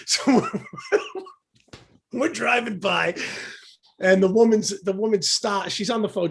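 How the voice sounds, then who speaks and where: A man from the United States, a podcast guest, telling a story in casual chat, lively and laughing as he acts out what people said. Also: sits high, gravelly, husky. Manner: animated storyteller, acts out quotes with shouts and laughs.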